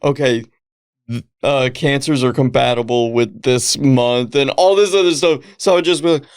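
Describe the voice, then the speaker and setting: A man's voice: mid-range voice, normal speed, smooth. A man co-hosting a podcast in casual film chat, laid-back and joking, laughing often. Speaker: podcast co-host.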